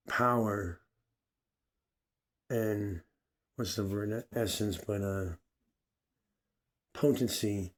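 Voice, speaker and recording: A man with a somewhat low voice delivers a personal, reflective monologue. He rambles, restarts and fills gaps with "you know" and "I mean" as he searches for his words. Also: a little mellow. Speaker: vlogger.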